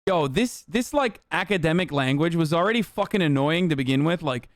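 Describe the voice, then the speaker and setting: A man's voice: a little high, expressive, fairly quick, no room sound. A young man streamer ranting heatedly and profanely in live-stream commentary, reading posts and mocking them.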